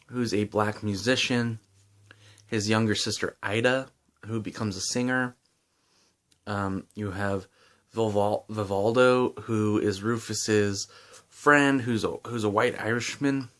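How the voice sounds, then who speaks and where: Man, lowish voice, casual book vlogger, rambling and enthusiastic, gum in his mouth. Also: a bit bright. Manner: enthusiastic, rambling with many fillers and restarts. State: chewing gum. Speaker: book reviewer. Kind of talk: casual book review vlog.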